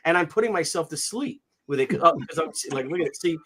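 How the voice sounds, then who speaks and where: A man's voice: fairly high pitch, quick pace. A man in his fifties hosting a casual live stream, joking and telling anecdotes. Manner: jokey, animated, tells gags and anecdotes. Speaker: stream host.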